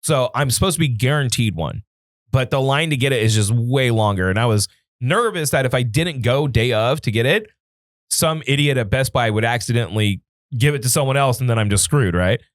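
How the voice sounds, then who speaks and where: A man's voice: medium pitch, fairly quick, no echo, clean studio sound. A man co-hosting a podcast, telling a story in casual chat, jumping in and doing voices. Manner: animated, does voices and interrupts. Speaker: podcast co-host.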